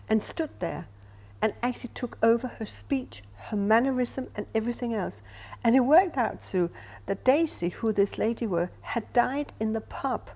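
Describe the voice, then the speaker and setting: Older woman medium, emphatic storyteller. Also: fairly high pitch. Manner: emphatic, animated storyteller, asks "do you see what I mean". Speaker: spiritual medium. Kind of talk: conversational interview storytelling.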